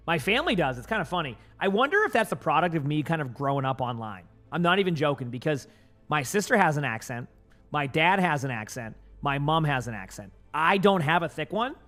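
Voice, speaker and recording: A man's voice: fairly high pitch, a bit bright. A young man with a light Boston accent, a gaming streamer chatting casually with his viewers, rambling with lots of fillers and restarts. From Boston area.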